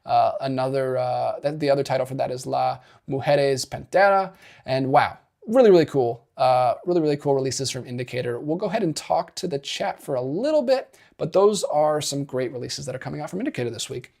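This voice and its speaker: A man's voice: medium pitch, lively intonation, fairly quick, creaky, darkish tone. A man hosting a casual livestream, chatting in an upbeat, rambling way with lots of fillers and self-corrections as he reads viewer comments. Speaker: physical media YouTube host.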